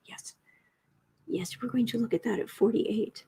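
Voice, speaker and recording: A woman giving a casual tarot reading, chatty, breaking off now and then to coo and whisper softly to her cat. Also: mid-range voice, moderate pace, slight background noise. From United States. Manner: chatty, drops to soft coos and whispers talking to her cat. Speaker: tarot reader.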